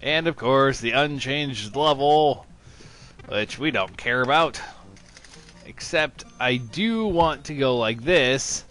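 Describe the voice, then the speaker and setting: A man's voice: medium pitch, expressive, takes it slowly, fairly bright tone. A man narrating his gameplay with sarcastic, mock-enthusiastic commentary. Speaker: let's-play commentator.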